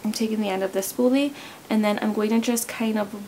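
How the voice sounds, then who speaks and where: A woman's voice: mid-range voice, fairly even intonation, quick pace, mellow, slight background noise, low-quality recording. A young woman chatting casually while doing a makeup tutorial, rambling into stories along the way, recorded close to the camera. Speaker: beauty vlogger.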